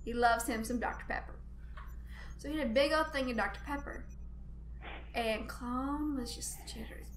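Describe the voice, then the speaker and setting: Chatty high-voiced woman, roomy echo. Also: normal speed, long pauses, a little hiss or hum. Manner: chatty, animated, laughing often. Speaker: channel host telling a family story. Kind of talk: casual storytelling monologue.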